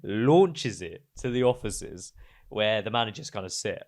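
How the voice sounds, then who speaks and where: A man co-hosting a casual chat podcast, telling a story with lots of laughter and sudden quiet mutters. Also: unhurried. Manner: animated storyteller, laughs often, drops to low mutters. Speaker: podcast co-host.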